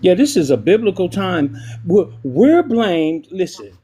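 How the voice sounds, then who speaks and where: A man speaking in a live online debate, passionate and emotional, with frequent pauses and "um"s. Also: sits high, very animated, a crowd in the background. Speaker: debate panelist.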